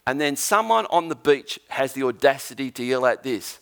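A man's voice: mid-range voice, normal speed, gravelly, clear, resonant tone. A man preaching a sermon as a pastor, telling a Bible story with humour and acting out the lines of its characters. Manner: animated storyteller, acts out quotes.

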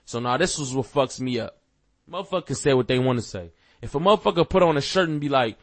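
Heated and profane, a man hosting a podcast delivers a casual rant stuffed with rambling fillers. He speaks fast in a mid-range voice with lively intonation, and the recording is dry.

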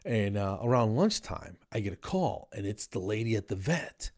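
A man's voice: lowish voice, moderate pace. Jersey guy telling a funny story, gets all worked up, keeps saying man and bro. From New Jersey. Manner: animated, exasperated, acts out dialogue, says "man" and "bro". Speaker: podcast host. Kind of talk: comic storytelling monologue.

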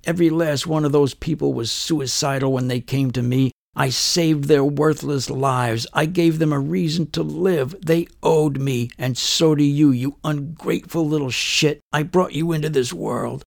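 A man's voice: low voice, lively intonation, a little slow, slightly rough, dry recording, clean studio sound, full character voice. A man doing a sneering, theatrical aging diva mother. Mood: furious. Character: scornful narcissistic aging mother, former stage diva.

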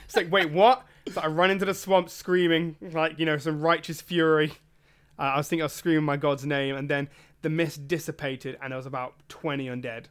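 A man's voice: on the high side, brisk, smooth. A man, chatting casually on a gaming podcast and acting out quotes as he tells stories. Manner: animated storyteller, acts out quotes. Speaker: podcast co-host.

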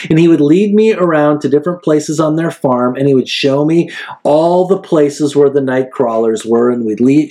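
A man preaching a sermon in a relaxed, conversational way, telling stories and acting out quoted speech. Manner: storytelling, acts out quoted speech with big pitch jumps; conversational, frequent fillers. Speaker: pastor.

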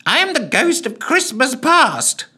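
A man voicing a loud, shrieking, bungling male ghost of Christmas past in a comic story reading. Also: sing-song, a little slow, slightly rough, full character voice. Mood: bellowing. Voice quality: shrill bellowing. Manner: pompous, loses confidence, then snaps.

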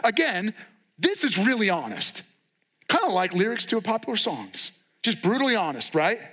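A man with a high-sitting, husky voice preaches a sermon as a pastor at a normal speed. He tells a story in an animated way, acting out its quotes with sarcasm.

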